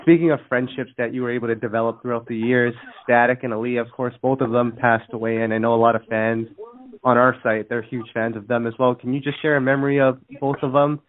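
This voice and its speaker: A man hosts an interview and asks a long, appreciative question with a few restarts. His voice sits at an ordinary middle pitch, and it comes through a tinny phone line. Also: flat delivery, fast talker. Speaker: interviewer, host.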